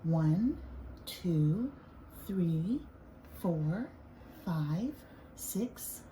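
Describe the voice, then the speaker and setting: A woman who teaches preschool, leading circle time with young children in a slow, encouraging singsong. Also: fairly low pitch, animated, dark tone, a little hiss or hum, rough recording.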